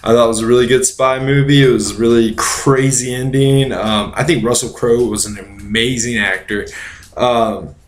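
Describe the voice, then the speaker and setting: A man's voice: mid-range voice, fairly even intonation, moderate pace. Rambling, profane, drunk man in an echoey room. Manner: rambling, profane, goes off on tangents. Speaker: podcast host. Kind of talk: casual movie chat. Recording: roomy echo.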